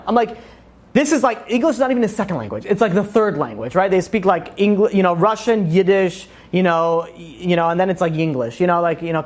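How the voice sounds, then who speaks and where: Speaking in a high voice, this rabbi delivers a joking, relaxed Torah lesson to a class in person. His delivery is rapid and lively, sprinkled with frequent "you know"s.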